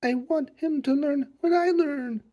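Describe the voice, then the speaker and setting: A man voicing an excitable young schoolboy who often whispers, in a children's storybook read-aloud. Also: very high voice, unhurried, voice pushed up, full character voice. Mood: eager. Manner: often whispering, wide-eyed and eager.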